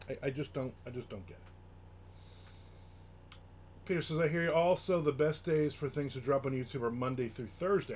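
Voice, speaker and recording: A man's voice: medium pitch, normal speed. A man hosting a casual live stream, chatting and reading viewer comments aloud as he rambles from topic to topic. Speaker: livestream host.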